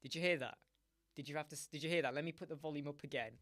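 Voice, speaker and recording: A man's voice: a little high, steady tone, very fast, a bit bright, no echo. A man hosting a live web design stream, joking and rambling playfully to his chat viewers.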